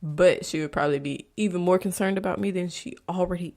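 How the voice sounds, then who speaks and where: A young adult woman hosting her own podcast, talking candidly and bluntly about her life, with frequent profanity and stretches where she drops to a soft whisper. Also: fairly low pitch, brisk, vocal fry, hardly any pauses. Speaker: podcast host. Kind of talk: candid confessional monologue.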